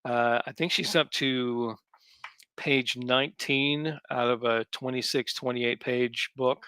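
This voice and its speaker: A man's voice: mid-range voice, fairly even intonation, slow, pushed and bright, smooth, dry recording. A man, a comics writer, talking easily as a guest in a casual interview, thinking aloud as he goes. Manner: easygoing, thinks aloud with ums.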